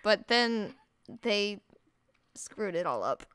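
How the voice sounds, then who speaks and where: A woman on a podcast, talking casually with hesitant pauses. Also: mid-range voice, very animated, a bit bright, clear, resonant tone, no room sound.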